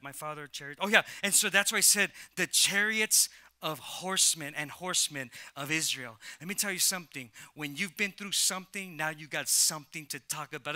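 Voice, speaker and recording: A man preaching a sermon as pastor, conversational at first and rising to loud, emphatic preaching. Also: fairly high pitch, no echo, studio quality. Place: church.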